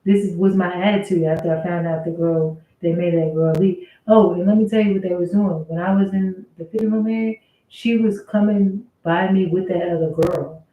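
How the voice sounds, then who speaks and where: A woman's voice: lowish voice, fairly even intonation, normal speed. A woman telling a casual storytime about her workplace, venting in an aggrieved, conversational way with some swearing. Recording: roomy, phone-like thin sound.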